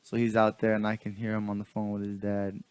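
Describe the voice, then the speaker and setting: A man's voice: on the low side, monotone, fairly quick, darkish tone, clear, resonant tone, no echo. Laid-back rambling man telling a story. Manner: rambling, many restarts, laughs often. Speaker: vlogger. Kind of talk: casual storytelling.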